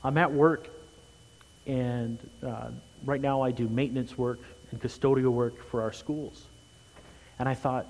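Earnest male pastor in a reverberant sanctuary. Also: fairly even intonation. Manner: earnest, swells loud and quick for emphasis then drops low and quiet. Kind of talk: sermon. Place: church sanctuary. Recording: long hall reverb.

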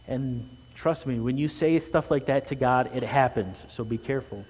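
A male pastor delivering a sermon in a mid-pitched voice, earnest and personal. He surges loud and fast on his big points, then falls to a soft, low hush. His voice rings with the long reverb of a large church hall. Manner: earnest, swells loud and quick for emphasis then drops low and quiet. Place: church sanctuary.

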